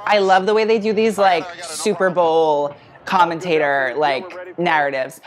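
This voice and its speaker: A woman's voice: fairly low pitch, fairly even intonation, measured pace. A woman from the UK giving chatty, sassy fashion reaction commentary as a vlogger. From United Kingdom.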